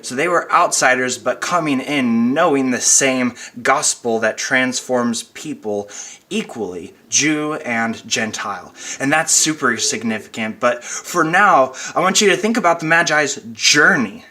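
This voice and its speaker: A man's voice: mid-range voice, a little slow, bright, forceful tone. A young man speaking as a pastor in a chatty, casual devotional talk, with fillers and light laughs, recorded at home. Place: at home, wind outside.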